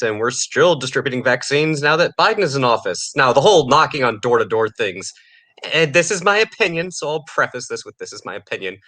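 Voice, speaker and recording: Sarcastic bright-voiced podcast host. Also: male voice, mid-range voice. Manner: sarcastic, laughs between points. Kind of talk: casual political banter.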